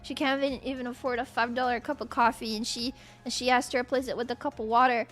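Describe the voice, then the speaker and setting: A woman's voice: a little high, little pitch movement, fast, a bit bright, soft background music, voice pushed down, natural voice. A woman voicing a mocking, cruel young female barista, with a sneering, taunting delivery.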